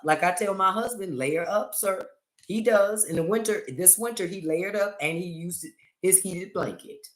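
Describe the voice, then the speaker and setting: A middle-aged woman hosting a casual livestream chat, joking and telling stories with theatrical flair into a phone. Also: fairly low pitch. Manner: chatty, joking, theatrical storytelling. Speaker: livestream host. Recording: echoey room.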